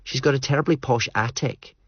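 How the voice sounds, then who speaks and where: A man's voice: mid-range voice, brisk, slightly rough, dry recording, muffled recording, voice pushed up, close to an everyday voice. A man voicing a blunt, breezy young woman.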